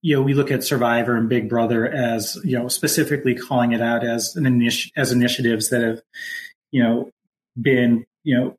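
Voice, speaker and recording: A man co-hosting a casual podcast chat, talking in a relaxed way with plenty of fillers and restarts. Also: medium pitch, brisk. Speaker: podcast co-host.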